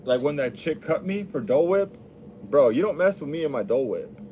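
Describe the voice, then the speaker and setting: A man's voice: fairly high pitch, animated, brisk, mellow, muffled recording, a little hiss or hum. A young adult man hosting a podcast, talking casually in a rambling, profane, laid-back monologue.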